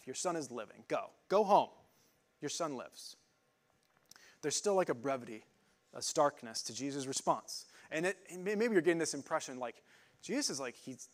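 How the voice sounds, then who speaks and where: A man preaching an informal sermon, explaining Bible words in a halting, conversational way with many fillers and restarts. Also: medium pitch. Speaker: pastor.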